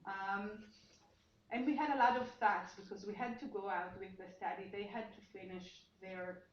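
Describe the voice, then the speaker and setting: A woman's voice: mid-range voice, steady tone, normal speed. A woman giving an academic seminar talk as lecturer, explaining her research and often restarting her sentences as she thinks aloud. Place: seminar room, indoors. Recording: echoey room, dull sound, faint noise.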